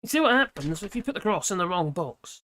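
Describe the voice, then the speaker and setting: A woman's voice: on the low side, big pitch swings, quick pace, a bit bright. A middle-aged woman from Britain hosting a casual livestream from home, rambling, laughing often and reading out viewer comments. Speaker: livestream host. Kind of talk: casual political livestream chat. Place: home room with dogs.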